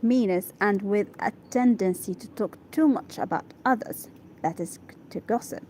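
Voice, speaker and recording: At a moderate pace, a woman with a medium-pitched, slightly mellow voice reads an English article aloud to practice, her first language being Arabic. She pauses to sound out and repeat hard words and to check her pronunciation, with slight background noise audible.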